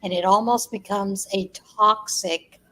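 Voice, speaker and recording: A woman co-hosting a casual live stream, explaining practical advice in an easy, conversational way. Her voice sits at an ordinary middle pitch. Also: fairly even intonation, unhurried, bright, forceful tone. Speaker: co-host.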